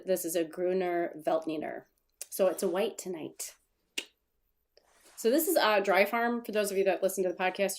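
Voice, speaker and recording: A woman with a fairly low, darkish voice hosts a relaxed livestream from her home desk. She rambles as she chats, reads viewer comments out loud, and laughs whenever she trips over her words.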